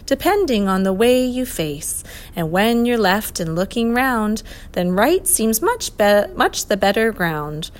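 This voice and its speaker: A woman playing a high, solemn, muddled oink. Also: natural voice. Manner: solemn, sing-song and evasive. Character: odd forgetful singing oink creature, male. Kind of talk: storybook reading.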